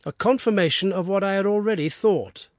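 A man voicing a sharp, reserved, middle-aged male detective who talks in a measured, precise and formal way. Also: sits high, no room sound, clean studio sound, voice pushed up, close to an everyday voice. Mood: keen.

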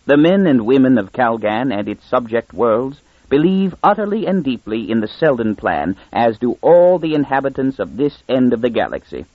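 A man voicing a calm, very old minister. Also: medium pitch, no echo, phone-quality sound. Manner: calm, soft, measured.

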